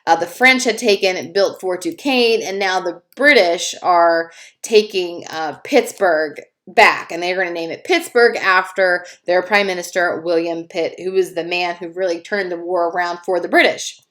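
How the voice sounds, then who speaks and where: A woman's voice: on the low side, moderate pace, fairly bright tone. Chatty woman lecturing on history. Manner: conversational, with fillers and acted asides. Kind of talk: casual recorded lecture.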